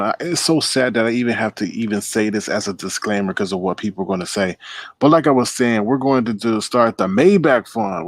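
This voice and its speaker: A man's voice: fairly low pitch, no echo. A man hosting a casual livestream, talking loosely to his chat, repeating himself and greeting viewers. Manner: loose, repetitive, talks straight to chat. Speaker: livestream host.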